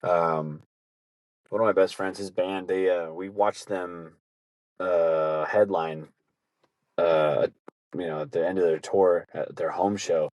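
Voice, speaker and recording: A man with a fairly low voice hosts a podcast, telling rambling stories in a casual way. He swears freely and laughs often at his own tales. The sound is dry, with no room echo. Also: a little mellow. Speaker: podcast host. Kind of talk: casual storytelling.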